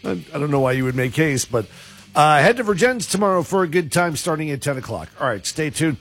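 A male radio DJ with a slightly husky, fairly high voice talks in a relaxed, chatty way. Faint music plays under his patter. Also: a little fast.

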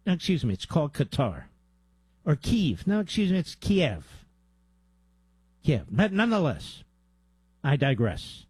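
A man's voice: mid-range voice, big pitch swings, moderate pace, a little mellow, husky, dry recording. A man hosting a talk radio show, delivering a combative monologue with sarcastic asides to his producer.

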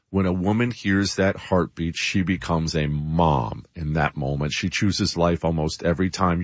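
A man's voice: on the low side, dry recording, lo-fi sound. Earnest male radio host reading ads.

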